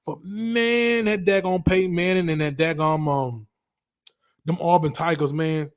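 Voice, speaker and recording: A man from Alabama with a Southern accent, hosting a casual livestream and ranting about college football in a rambling, animated way full of slang. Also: on the high side, unhurried, clear, resonant tone. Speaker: livestream host.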